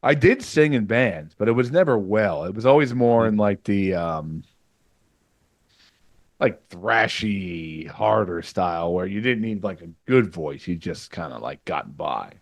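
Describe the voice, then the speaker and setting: A man's voice: on the low side, expressive, unhurried, no echo. A man hosting a podcast in casual chat, loose and joking with crude humor. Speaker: podcast host.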